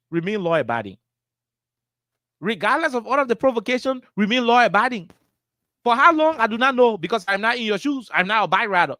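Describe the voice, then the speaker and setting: A Liberian English speaker with a fairly high pitch for a man, holding forth on a radio talk show. He hammers his points with repeated words and rhetorical questions. The sound is dry and close with no room around it. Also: pushed and bright, no echo. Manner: impassioned, repetitive, rhetorical questions. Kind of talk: political commentary. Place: radio studio.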